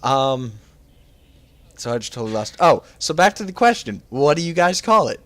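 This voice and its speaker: A young man chats loosely on a home voice call, drifting from story to story. He swears freely and acts out the voices of people he quotes. His pitch sits right in the middle for a man. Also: big pitch swings, normal speed, a bit bright. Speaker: podcast host. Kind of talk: casual chat.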